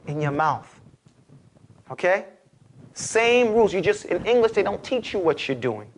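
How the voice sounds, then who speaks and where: A man with a New York accent teaching a class, lively and animated, urging his students to repeat after him. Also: high voice, unhurried, pauses often, a little hiss or hum. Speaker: Arabic teacher. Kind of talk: classroom lecture.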